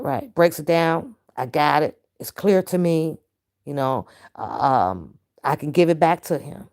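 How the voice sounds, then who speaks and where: A woman's voice: low-pitched, expressive, measured pace, vocal fry, a little mellow. A woman ranting straight at her viewers in a casual vlog, profane and often laughing. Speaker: reaction vlogger. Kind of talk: casual to-camera rant.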